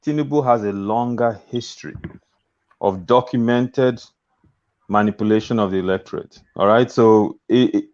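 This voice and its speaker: Measured man on a dull phone-in. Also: lowish voice, a little mellow. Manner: measured and explanatory, lays out arguments step by step. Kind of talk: live discussion. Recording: dull lo-fi call-in line.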